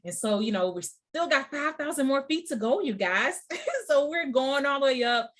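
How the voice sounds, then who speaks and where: A woman's voice: sits high, animated, moderate pace, fairly bright tone. A woman in her thirties hosting a podcast, telling a personal story in a casual, chatty way, often laughing and talking straight to her listeners. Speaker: podcast host.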